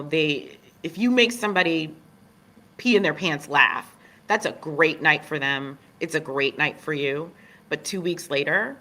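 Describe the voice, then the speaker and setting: Southern woman, middle-aged, chatty guest, tells stories with lots of swing, bright voice, a bit low. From Virginia, US. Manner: animated storyteller, acts out voices with big pitch jumps. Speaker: guest, playwright and director. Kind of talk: casual interview chat.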